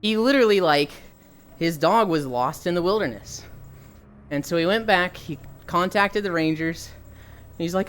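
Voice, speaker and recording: A woman's voice: lowish voice, normal speed. Chatty young woman streamer. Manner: chatty storyteller who laughs often. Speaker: livestreamer. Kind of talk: casual chat.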